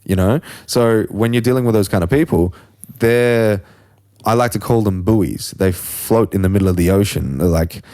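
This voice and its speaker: A man with a fairly low voice hosts a casual podcast conversation. He rambles and philosophizes, stopping to search for words and swearing freely. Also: normal speed, mellow. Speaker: podcast host.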